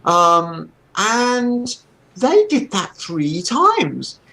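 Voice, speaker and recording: A woman recounting a personal anecdote in a casual, animated way, laughing between lines. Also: medium pitch, very slow. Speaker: interviewee. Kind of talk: casual storytelling.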